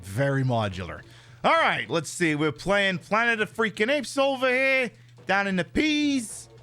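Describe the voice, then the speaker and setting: A man with a high, bright voice chats through a game stream. He swings his pitch widely and keeps a sarcastic, cursing edge throughout. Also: a little slow, soft background music. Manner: sarcastic, profane and animated. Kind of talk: casual live-stream chat.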